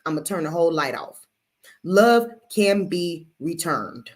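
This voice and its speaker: A woman's voice: on the low side, animated, a little slow. A middle-aged woman who reads tarot, chatting on a live stream in a sassy, blunt way, swearing freely and calling listeners baby. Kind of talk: casual live-stream talk.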